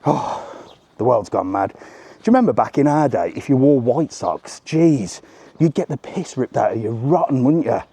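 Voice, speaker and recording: His medium-pitched voice has a breathy edge and a normal speed as he leads a live walking tour of a hotel resort outdoors. The middle-aged travel vlogger talks chattily and animatedly into his phone camera, saying "look" again and again.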